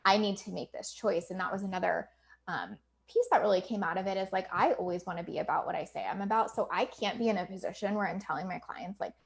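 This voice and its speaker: A woman's voice: medium pitch, quick pace, creaky. Chatty woman coach, laughing and candid. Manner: candid and chatty, swears freely, laughs often; filler-heavy with many likes and ums. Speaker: business coach. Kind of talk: casual livestream talk to her community.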